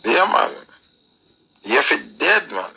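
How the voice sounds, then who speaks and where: Jamaican man, commentator, preachy rant, gravelly and hard-edged delivery. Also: medium pitch, very animated, takes it slowly, bright, forceful tone, rough recording. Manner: preachy, emphatic, rhetorical questions. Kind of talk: ranting commentary.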